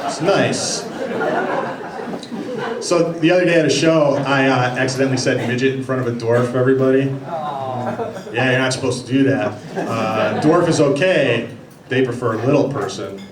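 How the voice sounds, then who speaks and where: A man performing a stand-up comedy set with a dry, offhand delivery and pauses for punchlines. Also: medium pitch, background noise. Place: comedy club stage. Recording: echoey club recording from a distance. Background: loud audience laughter.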